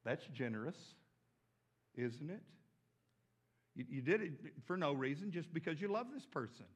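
A pastor from the States, preaching a sermon with emphatic rises and repeated words. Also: male voice, a little high, very animated, moderate pace, breathy edge. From southern United States.

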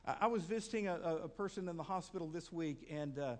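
A man's voice: a little high, quick pace, a little mellow. A male pastor preaching a sermon in a conversational way, asking the congregation questions and repeating words to build emphasis.

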